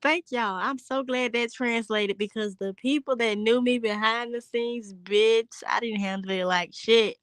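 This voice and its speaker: Hosting a laid-back livestream, a young woman reads her viewers' comments aloud in a slightly high voice with a steady tone, speaking unhurriedly with few pauses. There's no echo. She's brash and foul-mouthed, laughing and joking directly with chat.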